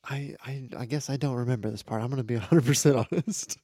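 Male podcast co-host, gravelly and mellow, wry and hesitant. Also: medium pitch, quick pace, no room sound, studio quality. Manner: wry and hesitant, admits he does not remember. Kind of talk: casual comedic movie review chat.

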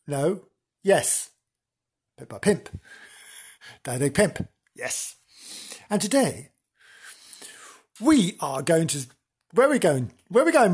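A man's voice: fairly high pitch, husky. A man hosting a podcast, camp and theatrical, giggling as he talks. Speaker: podcast host. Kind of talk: playful podcast narration.

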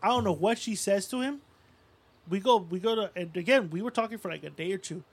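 A husky, high-sitting male voice moves at a fairly quick clip. He's a Puerto Rican podcast co-host in his thirties, casually telling crude stories full of cursing and doing voices for the people in them.

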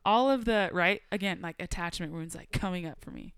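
Smooth, slightly gravelly woman telling her story. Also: on the low side, brisk, dry recording, studio quality. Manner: animated, laughs often, acts out quoted dialogue. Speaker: podcast guest. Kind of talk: casual storytelling interview.

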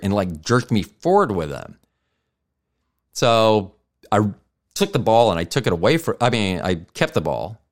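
Cussing podcast guy rambling thru a story, lowish voice that jumps all over. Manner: profane, rambling, heated. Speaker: podcast host. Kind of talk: casual storytelling monologue.

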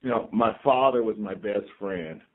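A man in his sixties from California, a team chaplain calmly telling stories from his life as a podcast guest. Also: lowish voice, normal speed. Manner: calm, reflective storyteller. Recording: tinny phone-like remote line.

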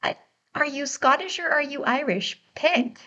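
A chatty American woman talks casually about a book, laughing often and fumbling good-naturedly over tricky pronunciations. Her voice sits fairly high. The recording is dull and lo-fi, as from a cheap podcast mic. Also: a little slow, bright, forceful tone.

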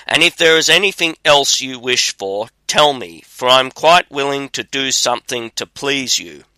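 A man's voice: mid-range voice, lively intonation, moderate pace, pushed and bright, dry recording. A man reading the lines of a huge, boastful male giant who turns wary.

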